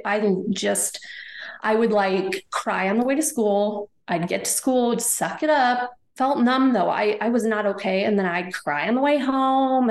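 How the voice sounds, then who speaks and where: A woman's voice: mid-range voice, creaky, echoey room. A woman, probably in her thirties, telling an emotional personal story in an interview, rambling with many "like"s and "you know"s. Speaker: guest.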